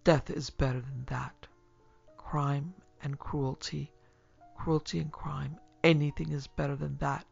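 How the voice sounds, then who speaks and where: Brief: a man doing a feverish, heartbroken young man in an audiobook, gravelly, gasping whispers, faint music under a muffled track. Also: a little high, steady tone, moderate pace, a bit bright. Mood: groaning.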